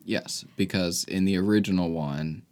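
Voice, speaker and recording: Low-voiced man, dry podcast banter. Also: normal speed, darkish tone. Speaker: podcast co-host. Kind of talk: casual movie review chat.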